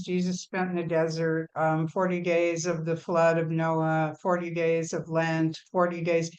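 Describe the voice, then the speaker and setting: A woman's voice: on the low side, rough recording. A woman author in a webinar discussion, thinking aloud reflectively with many fillers over a video call. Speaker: astrology author.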